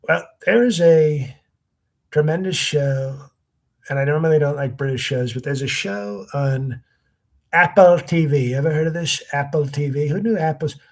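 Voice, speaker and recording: A man's voice: a little high, moderate pace, a little mellow. A man doing a comedic impression of a boastful, crude older male president who rambles and drags out his phrases.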